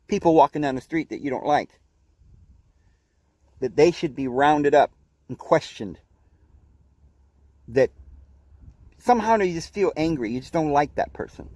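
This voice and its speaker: A man hosting a podcast, giving an earnest, preachy spiritual talk, often halting and repeating words. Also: on the high side, darkish tone, no echo. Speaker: podcast host. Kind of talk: spiritual teaching monologue.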